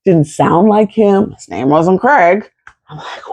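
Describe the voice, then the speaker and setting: A woman in her fifties telling a personal story to camera in an animated, expressive way, swearing freely. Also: fairly low pitch, slow pace, highs cut off. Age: 50s. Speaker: vlogger.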